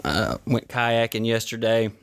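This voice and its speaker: A man hosts his own podcast, his medium-pitched voice smooth, level and a little slow. Sweaty and flushed, he tells rambling, profane anecdotes on his own, dropping joking asides along the way.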